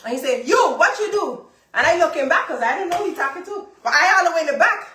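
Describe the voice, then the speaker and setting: Woman host, animated and repetitive storyteller, echoey room. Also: extremely high pitch, rapid-fire, slight background noise. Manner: animated storytelling, repeats phrases for emphasis. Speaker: business coach and livestream host. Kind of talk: casual testimony to a live audience.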